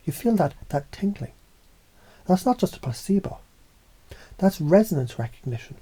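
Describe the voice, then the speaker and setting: A man's voice: high voice, sing-song, moderate pace, pauses often, mellow, husky. A man delivering a scripted motivational monologue in an intense, profane, preachy way. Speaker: motivational speaker.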